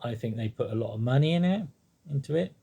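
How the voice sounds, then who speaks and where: A man talking casually about a football team, rambling and hesitant, with many pauses, ums and restarts. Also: mid-range voice, animated, vocal fry, dark tone, breathy edge. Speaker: football fan commentator. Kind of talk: casual spoken monologue.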